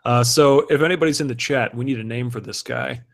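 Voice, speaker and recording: Game master, man, relaxed hesitant narration with fillers, middling pitch. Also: a little fast, gravelly.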